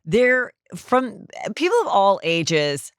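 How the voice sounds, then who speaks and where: A woman hosts a gossip podcast, chatting casually at a medium pitch. She tells stories animatedly and slips into the voices of the people she quotes. The room sound is dry and close. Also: big pitch swings, slow, clean tone, dry recording. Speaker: podcast host.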